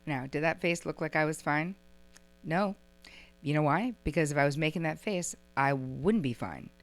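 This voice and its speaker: A middle-aged woman with a notably low voice teaching a relationship workshop to a room of listeners. She talks in a chatty way, full of "like" and "right?", and slips into quick acted-out exchanges to make her points. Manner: lively, acts out little quoted exchanges; chatty, uses "like" and "right?" often. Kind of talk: workshop lecture to a live audience.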